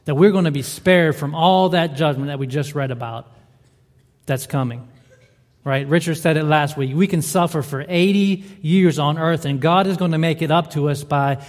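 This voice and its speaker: A male pastor with a fairly high-pitched, darkish voice delivers a sermon in a reverberant hall. He builds emphasis through repeated rhetorical questions.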